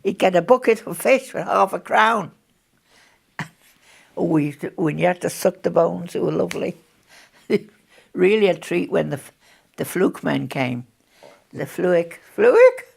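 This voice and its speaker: A woman's voice: on the low side, unhurried, gravelly, long pauses, husky. A woman, chatting as she recalls wartime memories in an interview and laughing often. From Birkenhead, England. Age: 80s.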